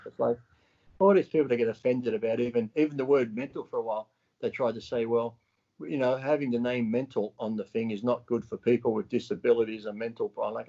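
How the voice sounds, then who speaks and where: Blunt, gravelly man, lo-fi audio. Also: medium pitch, fast talker. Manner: blunt, profane, animated retelling. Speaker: podcast co-host. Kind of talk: casual chat.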